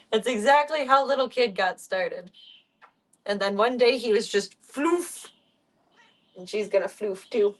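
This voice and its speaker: A young woman chats to her viewers on a live stream while tending to her cats. She talks in a relaxed, easygoing way and now and then slips into high, cooing baby talk with the animals. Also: takes it slowly, long pauses. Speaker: streamer caring for pet cats. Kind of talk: casual live-stream chat.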